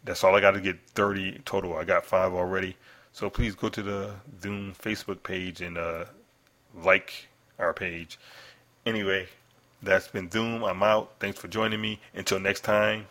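A man's voice: sits low, level tone, normal speed, a bit bright. A man hosting a casual comic book review podcast, rambling and swearing, laughing often as he talks. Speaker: podcast host.

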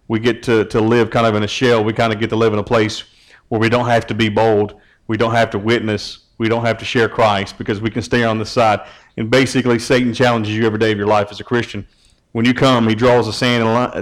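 A man's voice: fairly low pitch, poor audio. A man preaching a casual, conversational sermon as a youth pastor. He often repeats words as he starts his phrases.

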